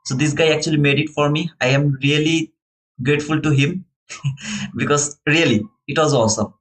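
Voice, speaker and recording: A fairly high-voiced young man with a non-native English accent, chatting through a live trading stream. He is earnest and friendly and calls his viewers brother. His talk is casual and unscripted. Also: moderate pace, fairly bright tone, rough recording. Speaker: live-stream futures trader and host.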